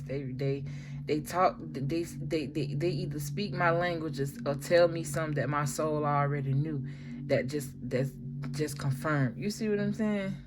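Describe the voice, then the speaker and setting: Low-voiced woman doing a tarot reading, slangy, cusses a lot, noisy background. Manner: slangy, emphatic, swears freely. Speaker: tarot reader.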